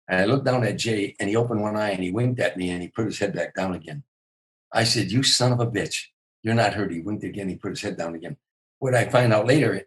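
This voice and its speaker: An older comedian, interviewed on a podcast, tells stories in an animated way and often repeats words as he launches into a sentence. His voice is on the low side, and the recording is low quality.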